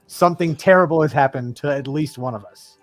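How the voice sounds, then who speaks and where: A man's voice: on the high side, brisk, soft background music. Matter-of-fact male tabletop player. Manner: plain, matter-of-fact declarations of actions. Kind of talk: tabletop game banter.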